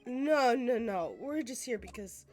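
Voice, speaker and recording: Woman reading a polite young man, hoarse. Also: a little high, animated, unhurried, darkish tone, soft background music. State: ill, hoarse.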